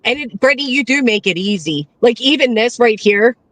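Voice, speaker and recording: A high, lively female voice with animated swings, recorded dry and close. She jeers sarcastically at what she is watching and swears freely. Her talk is quick and scornful. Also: no echo. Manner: mocking, sarcastic, swearing, laughing asides. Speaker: co-commentator. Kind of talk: mocking commentary chat.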